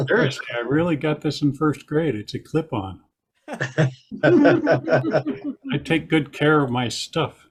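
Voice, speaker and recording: A man's voice: fairly high pitch, sing-song, takes it slowly, pauses often, heavy background noise. An older man doing a dry, self-deprecating stand-up set over a video call. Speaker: stand-up comedian.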